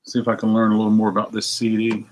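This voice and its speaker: A man hosting a casual morning chat to viewers from his record shop, telling a story and acting out phone calls in high excited voices. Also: fast talker. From United States. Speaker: record store owner hosting a morning show.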